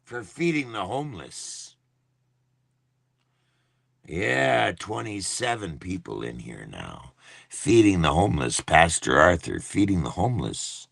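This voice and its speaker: Gravelly man ranting heatedly on livestream. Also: low-pitched, big pitch swings, a little slow, a bit bright, no echo, studio quality. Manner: profane, repetitive, heated. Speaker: livestream host. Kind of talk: angry livestream rant. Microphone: phone.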